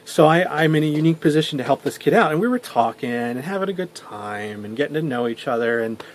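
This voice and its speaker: A man's voice: on the high side, lively intonation, fast, slight background noise. Rambling young man vlogging. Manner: rambling with many restarts and swearing. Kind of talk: casual storytelling vlog.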